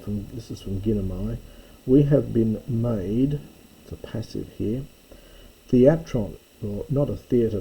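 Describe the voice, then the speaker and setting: A man's voice: on the low side, mellow, a little hiss or hum, rough recording. A man teaching a verse-by-verse Greek lesson, carefully explaining words and often correcting himself as he goes. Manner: slow, careful, with frequent self-corrections and fillers. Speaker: Greek New Testament teacher.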